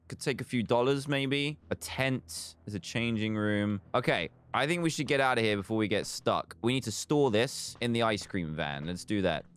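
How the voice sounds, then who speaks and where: A young British man giving joking, animated commentary while playing a video game. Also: lowish voice. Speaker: gaming video host. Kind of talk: let's play commentary.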